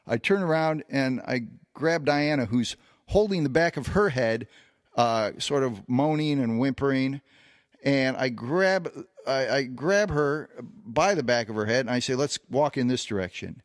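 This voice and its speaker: Recorded dry and at studio quality, a male podcast co-host relates a long personal anecdote. His mid-range voice moves at a measured pace, and his casual storytelling is packed with fillers and restarts.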